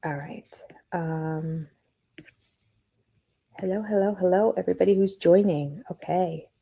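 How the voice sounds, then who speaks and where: A woman's voice: lowish voice, unhurried, gravelly, warm tone, slightly rough. An older woman hosting a casual live stream, chatty and opinionated, laughing often as she talks from home. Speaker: reality TV review host. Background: cat nearby.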